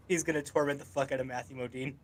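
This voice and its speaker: A man's voice: medium pitch, steady tone, fast talker. A man co-hosting a podcast, laid-back and profane in casual chat. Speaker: podcast co-host.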